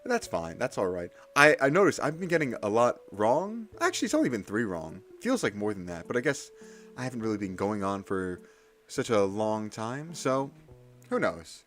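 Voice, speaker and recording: Chatty streamer man with a lively voice. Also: on the low side, moderate pace, soft background music. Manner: chatty, self-deprecating, nervous energy. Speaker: livestreamer studying Japanese kana. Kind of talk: casual live-stream chat.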